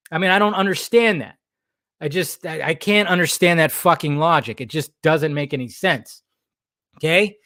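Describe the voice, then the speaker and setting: A man's voice: fairly high pitch, fairly bright tone, no echo, studio quality. A young adult man hosting a live stream, ranting in a rambling, profane way with many restarts and bursts of heat. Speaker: host.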